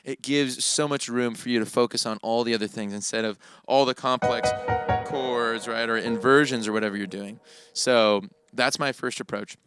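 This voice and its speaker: A man teaching worship keyboard in a relaxed, casual way, often tagging his points with "right?". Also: mid-range voice, normal speed, clean tone, soft background music. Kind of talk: casual instructional talk. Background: keyboard playing.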